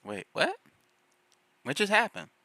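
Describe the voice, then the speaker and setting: A man's voice: high voice, wildly swooping pitch, a little slow, sharp tone, no room sound. A man hosting his live stream, chatting in an easygoing way with short replies and frequent laughter. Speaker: streamer host. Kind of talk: casual chat. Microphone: voice call.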